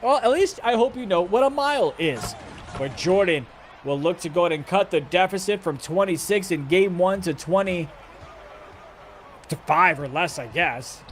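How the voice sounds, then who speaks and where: A man calling a live esports basketball game play-by-play, energetic and jokey, rising to shouts on big plays. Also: high-pitched, normal speed, slight background noise.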